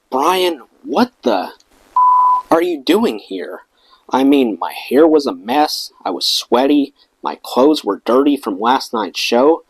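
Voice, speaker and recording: A man reads a memoir aloud with a lively, swinging delivery at a middling pitch. His voice sits close and dry, with no room around it. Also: no echo, low-quality recording. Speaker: audiobook reader.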